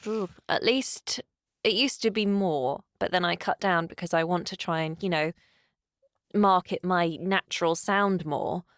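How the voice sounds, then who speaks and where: A woman with a polished British RP accent talks as a podcast guest in a slightly low voice. She is chatty, often laughing and trailing off mid-thought. The sound is dry and close. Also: measured pace, a bit bright, dry recording. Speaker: voice actor guest. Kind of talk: casual podcast chat.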